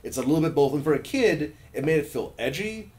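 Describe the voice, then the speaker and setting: A man's voice: fast talker, a little hiss or hum. A young man hosting a casual chat, joking and swearing freely as his voice jumps around. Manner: animated, jokey, swears freely, pitch jumps when joking.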